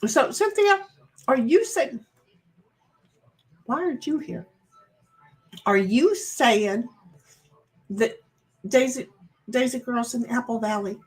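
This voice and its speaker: A woman streams on her own from home and talks to her chat in an easy, unhurried way. Her voice sits a little high, and she drifts from one thought to the next. She is playfully confused and quick to laugh at herself. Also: animated. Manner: rambling, self-deprecating, playfully confused. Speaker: livestream host chatting with viewers. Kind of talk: casual chat reading out viewer comments.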